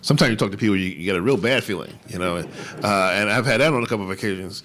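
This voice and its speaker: A man on a conference panel telling a personal story, halting and emotional, with many restarts and fillers. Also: on the low side, a bit bright, a little hiss or hum. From New York. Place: conference hall.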